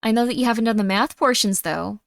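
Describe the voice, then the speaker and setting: A woman's voice: fairly high pitch, quick pace, gravelly, no room sound, clean studio sound. A woman putting on a guilt-tripping angry mom. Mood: passive-aggressive. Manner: saccharine, passive-aggressive, scolding. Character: nagging guilt-tripping mother, middle-aged woman. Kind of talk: playful role-play.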